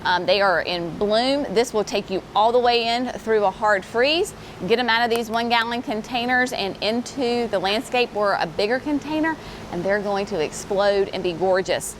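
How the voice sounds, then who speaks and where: A woman's voice: medium pitch, moderate pace, a little hiss or hum. A woman hosting a casual walkthrough of a plant nursery, chatty and enthusiastic, saying "y'all". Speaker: garden center host.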